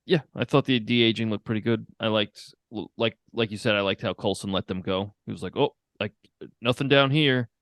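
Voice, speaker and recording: A man's voice: lowish voice, fairly quick, hardly any pauses, dry recording, clean studio sound. A man co-hosting a podcast in a casual film discussion, laid-back, often laughing and acting out his reactions. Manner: relaxed, laughs often, acts out reactions in quotes. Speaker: podcast co-host. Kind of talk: casual movie chat.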